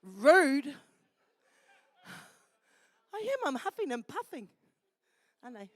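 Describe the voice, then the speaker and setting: A woman's voice: high-pitched, sing-song, slow pace, no echo. A woman with a New Zealand accent, MCing a live festival, chatty and affectionate with the crowd. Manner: chatty and affectionate, calls people darling. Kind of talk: live event MC, handing out and announcing. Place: festival venue.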